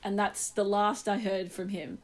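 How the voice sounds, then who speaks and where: A woman's voice: mid-range voice, moderate pace. A young woman co-hosting a casual podcast, telling a story with frequent laughter. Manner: animated storyteller, laughs often. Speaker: podcast co-host.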